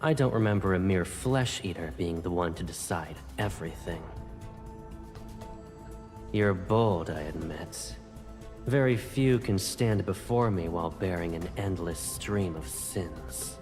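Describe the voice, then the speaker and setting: An actor playing a calm, commanding lord of the netherrealm, disdainful and slow. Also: male voice, low voice, over music. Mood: imperious. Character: cold, imperious lord of the netherrealm.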